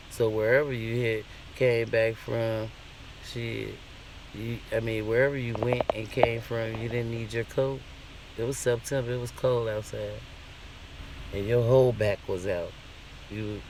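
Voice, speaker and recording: A man's voice: lowish voice, background noise. A man vlogging a casual, profane rant in an indignant, questioning way.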